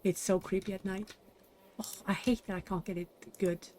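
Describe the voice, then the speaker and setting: A woman's voice: medium pitch, level tone, moderate pace, background noise. A young woman hosting a game play-through, chatting casually and muttering to herself as she builds. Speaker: gaming channel host. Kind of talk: casual let's-play commentary.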